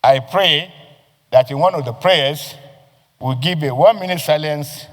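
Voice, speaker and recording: Nigerian male senator, high voice, repetitive oratory, reverberant chamber recording. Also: unhurried. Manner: forceful, declamatory oratory with repeated phrases. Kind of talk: parliamentary floor speech. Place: legislative chamber.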